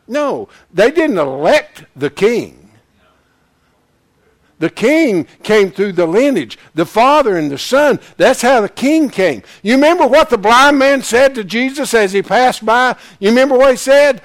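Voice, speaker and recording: A man teaching a Bible class in sermon style, folksy and animated, breaking into shouts to press a point. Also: very high voice, unhurried.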